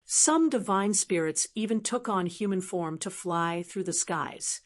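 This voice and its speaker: A woman's voice: mid-range voice, a little slow. Woman narrating a fantasy audiobook.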